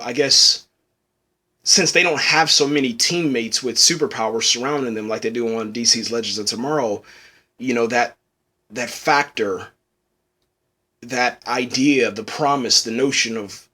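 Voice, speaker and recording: A man with a medium-pitched, pushed, bright voice talks a little slowly while reviewing a TV episode. He rambles, keeps saying "man," restarts his sentences, and grows tearful and choked up.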